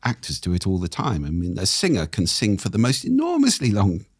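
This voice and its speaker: A man speaking as a guest on a podcast, explaining ideas with an expressive, animated delivery. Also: a little fast, slightly rough, dry recording, clean studio sound. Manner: expressive, animated delivery with wide pitch swings. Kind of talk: interview conversation.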